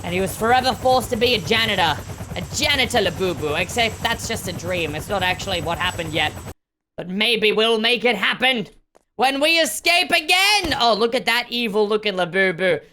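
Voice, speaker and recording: A woman hosting a game video, commenting on gameplay with excited, exclamatory talk and frequent shouts. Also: medium pitch, fairly quick, slight background noise. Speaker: gaming channel host.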